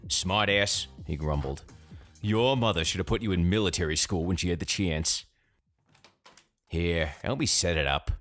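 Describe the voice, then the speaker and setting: A man voicing a cranky, gruff grandfather who grumbles and swears in a folksy way. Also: low voice, normal speed, a bit bright, faint music behind.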